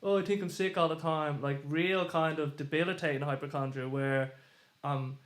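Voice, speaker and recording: A man's voice: fairly high pitch, steady tone, moderate pace, reverberant. A man hosting a podcast, talking candidly and sympathetically in casual interview chat. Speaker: podcast host.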